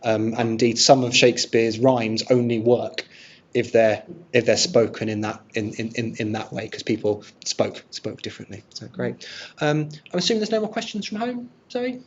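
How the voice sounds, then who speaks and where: A man with a husky voice gives a friendly lecture to a live audience, pausing and restarting as he thinks aloud. The sound is dull and lo-fi. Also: medium pitch. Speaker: archive presenter giving a talk. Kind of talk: illustrated lecture with audience questions.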